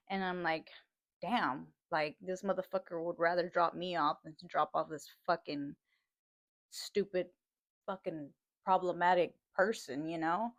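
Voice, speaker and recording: A woman's voice: lowish voice, steady tone, measured pace, no echo, studio quality. A young woman telling a story in a heated, casual rant, swearing a lot and laughing between lines. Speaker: host.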